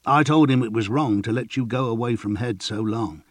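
A man voicing a gruff older male retainer who scolds and grumbles, in a storybook reading. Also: medium pitch, normal speed, no echo, natural voice. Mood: scolding.

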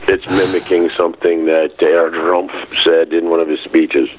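A man's voice: deep voice, level tone, moderate pace, a little hiss or hum, rough recording. A man co-hosting a casual talk show, bantering playfully and slipping into mock voices. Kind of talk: casual banter, jokey tangents.

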